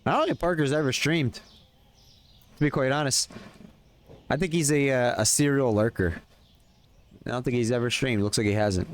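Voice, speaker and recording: A livestreamer with a medium-pitched voice speaks at normal speed, leaving long pauses. He chats casually with viewers while playing a game, calling out in-game orders between questions to chat.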